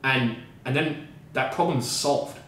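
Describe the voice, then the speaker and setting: A man's voice: medium pitch, slow, a bit bright, recorded from a distance. A man talks in a casual podcast discussion, emphatic and profane, stacking up repeated phrases to drive his point home. He sits back from the mic in a very reverberant room, and a faint noise hangs underneath. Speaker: podcast co-host and coach.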